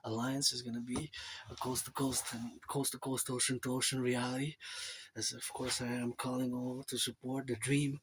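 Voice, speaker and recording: A man's voice: medium pitch, little pitch movement, moderate pace, fairly bright tone, slight background noise. A man from Montreal with a Quebec accent, talking in a loose, rambling monologue to camera and dropping asides like "eh?". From Canada. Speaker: vlogger.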